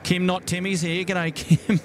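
A man's voice: high voice, noisy background. Chatty Australian man hosting outdoors. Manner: chatty, greets viewers by name, frequent fillers. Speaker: live stream host. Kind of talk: casual live stream chat. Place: outdoors at night by a waterfront jetty.

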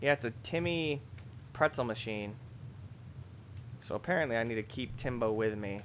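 A young man giving excitable, jokey commentary over a video game, bursting into shrieks and yells. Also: mid-range voice, normal speed, slight background noise. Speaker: gameplay commentator. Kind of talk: let's play commentary.

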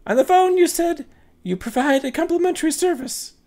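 A man voicing a gracious, overly polite young woman in a high falsetto. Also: brisk, darkish tone. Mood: puzzled.

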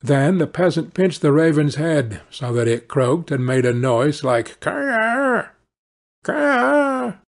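Slow, husky male storybook narrator. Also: medium pitch, a little mellow. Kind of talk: audiobook reading for English learners.

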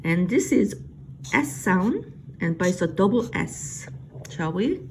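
A middle-aged woman with a Korean accent leads a Korean alphabet lesson, speaking very slowly and with patience. Her voice carries a gravelly edge. A faint noise hums under the recording. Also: fairly low pitch, sing-song, poor audio. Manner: patient, repeats sounds slowly and stresses them. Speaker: language teacher.

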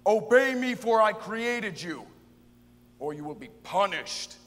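A man voicing a commanding male God, loud, slow and thundering, in an echoey hall. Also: high-pitched, lively intonation, heavily acted. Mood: stern.

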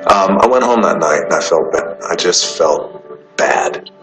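A man and interview guest, telling personal stories in a measured, unhurried way with pauses. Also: low voice, fairly bright tone. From United States. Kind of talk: casual storytelling. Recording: roomy with faint music behind.

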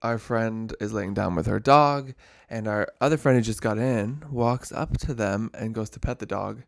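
A man co-hosting a podcast, recounting a story in a relaxed, casual chat. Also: on the low side, normal speed, gravelly. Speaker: podcast co-host.

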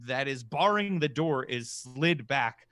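A man's voice: medium pitch, lively intonation, slow pace, a bit bright, dry recording, clean studio sound. A man running a tabletop game as game master, narrating the action casually with many fillers.

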